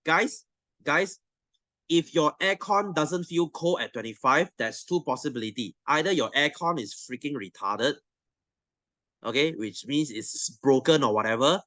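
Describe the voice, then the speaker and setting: A young man with a Malaysian English accent, tutoring science in a blunt, animated, teasing way, with plenty of swearing. His voice sits a little high for a man, and it is recorded close and dry, with no room sound. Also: measured pace, no echo. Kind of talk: online class rant to students.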